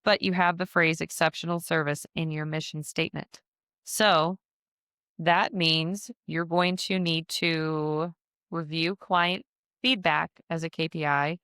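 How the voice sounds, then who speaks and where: A woman's voice: low voice, steady tone, measured pace, fairly bright tone, clear, resonant tone, no echo, studio quality. A woman hosting a casual business-advice podcast, chatty with frequent fillers and self-deprecating asides. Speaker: podcast host and business mentor.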